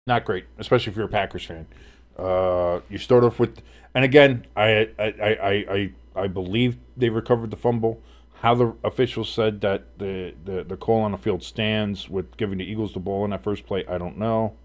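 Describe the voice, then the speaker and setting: A man's voice: on the low side, steady tone, moderate pace. A man hosting a casual live sports stream, calling plays and reacting in a blunt, profane, rambling way.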